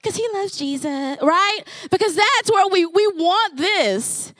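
A woman pastor preaching a sermon in an animated way, acting out the voices of her listeners. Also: very high-pitched, slow pace, no echo, clean studio sound. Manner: animated, acts out listeners' voices with rising exclamations.

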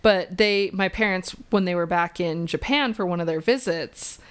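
Female co-host, chatty anecdote teller, slightly low pitch, filler-heavy casual delivery. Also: normal speed, smooth. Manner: chatty storytelling with many fillers. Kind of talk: casual chat.

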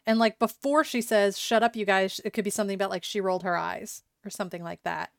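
A woman with a smooth, clear voice co-hosts a casual chat about writing. She talks easily, peppering her speech with "like" and "kinda". The recording is dry and close, with no room sound. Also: mid-range voice, fairly even intonation, quick pace, dry recording. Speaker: podcast co-host critiquing writing.

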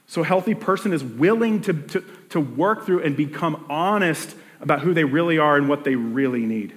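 Conversational preacher in a big echoing hall. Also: male voice, on the high side, expressive, moderate pace. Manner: conversational preaching with many restarts and acted-out inner voices. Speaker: pastor. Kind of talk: sermon.

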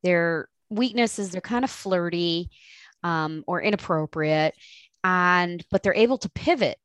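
A woman co-hosting a casual chat, playful and quick to joke. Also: lowish voice, a bit bright. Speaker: co-host.

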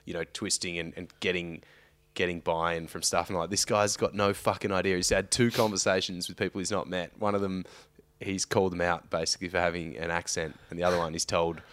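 A man's voice: deep voice, little pitch movement, fairly quick, few pauses, fairly bright tone. An Australian man co-hosting a podcast, telling a rambling, profane story in casual chat. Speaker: podcast co-host.

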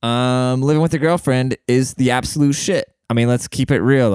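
A young man telling a long story to his viewers in a casual, profane, animated way, talking to them like a buddy. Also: medium pitch, moderate pace, clean tone, no room sound, studio quality. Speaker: vlogger.

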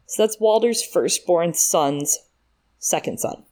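A woman's voice: fairly low pitch, lively intonation, slow pace, darkish tone. A woman in casual podcast chat, thinking aloud as she walks through details. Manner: thinks aloud, breaks down details with fillers and laughs. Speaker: podcast co-host.

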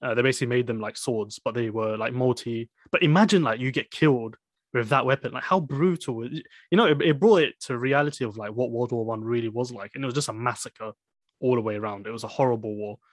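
A man's voice: medium pitch, fast talker, dry recording, clean studio sound. A man casually discussing a film with a friend, rambling with many fillers and restarts.

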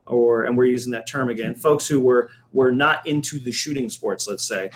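A man's voice: mid-range voice, moderate pace, rough recording. A middle-aged man, a coffee shop owner, telling a rambling anecdote in casual chat, with many fillers and restarts.

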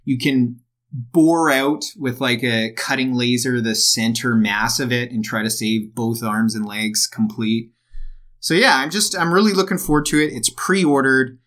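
Bright-voiced excitable man chatting. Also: medium pitch, unhurried. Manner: enthusiastic, rambling with many "like" fillers. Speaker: podcast co-host. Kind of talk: casual chat.

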